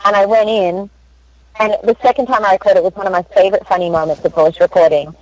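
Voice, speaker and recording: A young Australian woman, a voice actress, chatting in an interview and telling stories in an animated, laughing way. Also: medium pitch, fast, no room sound, dull audio. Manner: chatty, animated storyteller who laughs often. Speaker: voice actress guest. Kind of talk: casual interview chat.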